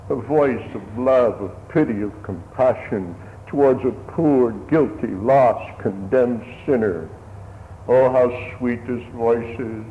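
A man preaching a sermon slowly and solemnly, building to raised emphasis at times. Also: lowish voice, a little hiss or hum. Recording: tinny phone-like sermon recording in an echoey hall.

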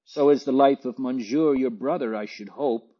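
Man doing an excitable landlady. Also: mid-range voice, unhurried, natural voice. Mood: fervent. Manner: emphatic, exclaiming, near tears. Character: excitable warm-hearted French landlady, middle-aged. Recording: dull lo-fi recording.

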